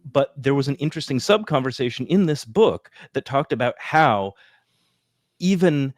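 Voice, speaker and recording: A man's voice: medium pitch, animated, normal speed, no echo. Chatty male podcast host, dry sound. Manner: chatty, rambling with many fillers. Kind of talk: casual podcast chat.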